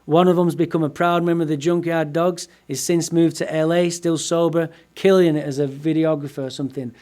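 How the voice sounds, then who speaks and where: Male speaker, fairly high voice, lively comic storyteller, swears freely, talking to a room. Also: brisk. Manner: animated, profane, comic storyteller. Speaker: speaker at a recovery meeting. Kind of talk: humorous personal storytelling talk. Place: meeting room before a live audience.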